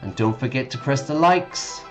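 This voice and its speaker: A man's voice: mid-range voice, lively intonation, normal speed, over music. A man reading game text aloud and patiently explaining words to English learners, often checking in with listeners. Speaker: English teacher streaming a game.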